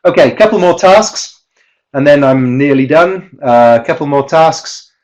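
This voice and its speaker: A man's voice: on the high side, measured pace, darkish tone, muffled recording. A man giving an online webinar presentation on teaching pronunciation, explaining step by step and chanting rhythm drills.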